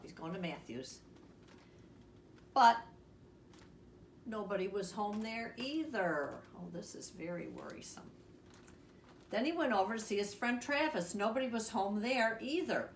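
Woman storyteller reading to kids, slow and animated, roomy distant mic with faint hiss. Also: mid-range voice. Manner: expressive, chatty asides to the listener. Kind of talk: reading a picture book aloud to children.

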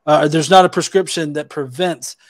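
A man's voice: on the high side, normal speed, dry recording. A man debating online, probing with questions, hesitant with many restarts and fillers. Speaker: atheist debater.

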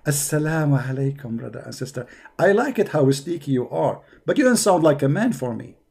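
High-pitched man, mocking reaction commentary. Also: very animated, fairly quick, gravelly, a little mellow. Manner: mocking, sarcastic. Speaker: host. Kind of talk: reaction commentary on a debate clip.

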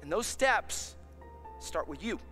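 High, lively-voiced preaching pastor. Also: male voice, slow pace, faint music behind. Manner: impassioned preaching, swelling to shouts. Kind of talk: sermon.

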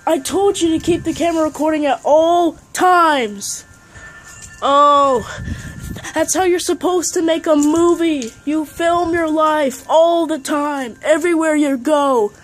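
Woman acting out a short-tempered young director, scolding, exasperated, high voice, slow delivery. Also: faint music behind. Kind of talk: amateur comedy sketch acting.

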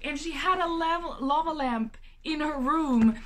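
A high-voiced young woman chats to the camera in her apartment while opening a package. She is talkative and excitable, breaking into gasps and exclamations between rambling asides. A faint hiss sits under the home recording. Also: measured pace. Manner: chatty and excitable, gasping and exclaiming, many fillers. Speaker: vlogger. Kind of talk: casual unboxing vlog.

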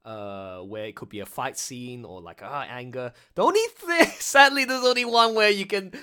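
Lively, excitable male stream host. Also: medium pitch, moderate pace, clean tone. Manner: excitable, rambling, laughs often. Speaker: livestream host. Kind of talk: casual voice-actor chat.

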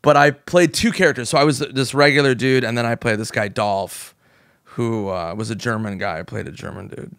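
A man's voice: mid-range voice, normal speed, a bit bright, no echo, clean studio sound. A man in his forties from the United States, a comedian guest telling stories in casual chat, swearing freely and acting out what people said. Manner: swears freely and acts out quoted voices. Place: podcast studio.

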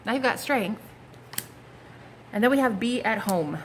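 A woman's voice: a little high, unhurried, slight background noise. Blunt, salty woman reading tarot. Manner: blunt, swearing, animated. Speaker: psychic tarot reader.

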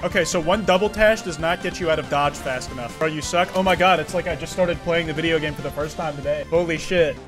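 A young man doing excitable, profane commentary while playing a fighting game. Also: fairly high pitch, fast talker, hardly any pauses, music in the background. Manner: excitable, swears a lot. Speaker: gaming streamer.

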